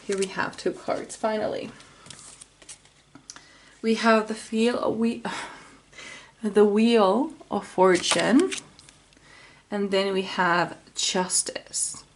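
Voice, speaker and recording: Slow, dreamy woman. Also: mid-range voice, slight background noise. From Finland. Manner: dreamy, rambling, with sighs. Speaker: tarot reader. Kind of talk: casual tarot reading.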